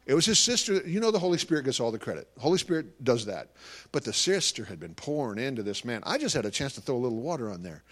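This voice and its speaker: A man's voice: mid-range voice, big pitch swings, quick pace, fairly bright tone. A man giving a live talk to an audience as a Christian ministry speaker, telling stories animatedly and acting out conversations.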